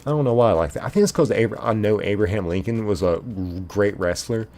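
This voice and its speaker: A man's voice: on the low side, lively intonation, fast talker, darkish tone, faint music behind. A man hosting a live stream in casual chat, reading viewer comments aloud and answering them in a rambling way, full of filler "like"s.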